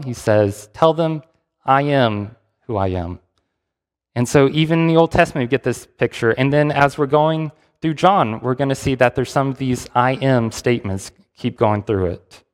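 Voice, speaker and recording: A man's voice: medium pitch, normal speed, clear, resonant tone, big-room sound. A man preaching a sermon, reading scripture and retelling it in a conversational way with restarts.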